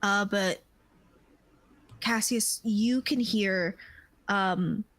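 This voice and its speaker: A woman narrating a tabletop game as game master, unhurried and searching for words. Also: mid-range voice, fairly bright tone, dry recording, poor audio. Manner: unhurried, with many fillers and restarts.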